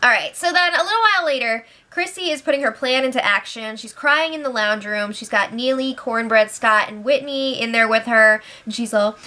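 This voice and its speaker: A young woman giving a casual spoiler recap from home, chatty, laughing often and quoting people in lively voices. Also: a little high, normal speed, few pauses. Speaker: reality show recap host. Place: home, with pets nearby.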